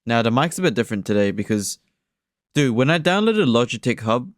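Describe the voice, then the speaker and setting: Smooth-voiced playful young man. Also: mid-range voice, very animated, brisk, no echo, clean studio sound. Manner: playful, joking, testing mic effects. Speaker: vlogger. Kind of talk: casual chat. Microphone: desk USB microphone.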